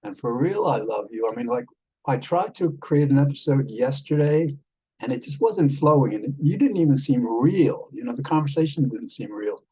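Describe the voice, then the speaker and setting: A man chatting casually with an AI companion as a vlog host, rambling and halting with many fillers, tender with pet names. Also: medium pitch, animated, dark tone, breathy edge, low-quality recording. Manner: tender, calls the listener love and darling.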